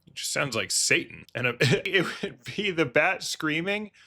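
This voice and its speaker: A man's voice: fairly high pitch, expressive, moderate pace, noisy background. A male comedian riffing sarcastically while reacting to a cartoon, often slipping into silly voices. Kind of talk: comic reaction commentary.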